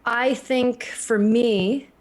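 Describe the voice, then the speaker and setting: A woman chatting casually and playfully on a livestream with quick reactions. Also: on the high side, fairly even intonation. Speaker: streamer guest.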